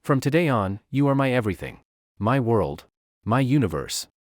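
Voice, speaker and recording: Clingy young vampire woman, possessive, man reading her part, lively pitch. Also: moderate pace, dry recording, studio quality, close to an everyday voice. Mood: adoring. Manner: clingy, then coldly possessive. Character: obsessive young female vampire, clingy and menacing.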